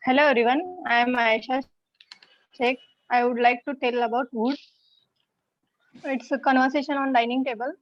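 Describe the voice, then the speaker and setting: A female student reciting a family dinner dialogue in class, with hesitant pauses. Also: high voice, steady tone, dry recording. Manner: hesitant, halting. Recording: dull dry call audio.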